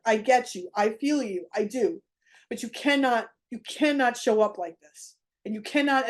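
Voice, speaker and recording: Woman, middle-aged, emphatic, blunt, motivational coach, fairly high voice. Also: darkish tone. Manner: emphatic and blunt, with quick acted quotes. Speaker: parent coach. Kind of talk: motivational talk.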